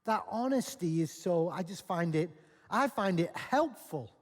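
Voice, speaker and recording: Brief: male pastor preaching, high voice, lively storyteller, long church reverb. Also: unhurried. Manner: animated storytelling, acting out characters. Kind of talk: sermon.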